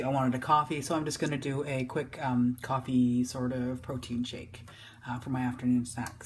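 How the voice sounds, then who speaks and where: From her home office, a food vlogger with a low-pitched voice talks in a loose, chatty way, stumbling through ums and restarts. The room echoes and the background is noisy.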